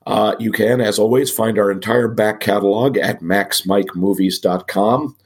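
Male podcast co-host with a cold, gravelly and low, dry self-mocking humor. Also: steady tone, a little slow. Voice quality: raspy, gravelly. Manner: wry, self-mocking asides. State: has a cold. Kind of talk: casual podcast chat.

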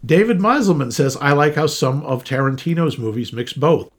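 A man's voice: fairly high pitch, expressive, normal speed. A man hosting a casual movie podcast, reading listener comments with wry, joking asides. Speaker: podcast host.

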